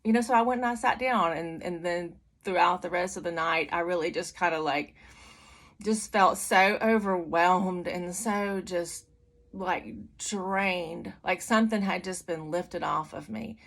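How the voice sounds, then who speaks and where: Middle-aged woman, church testimony, candid chatty delivery, somewhat low voice. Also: a little slow, a bit bright. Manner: candid and conversational, many fillers and restarts. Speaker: testimony speaker. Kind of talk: personal testimony to a church audience.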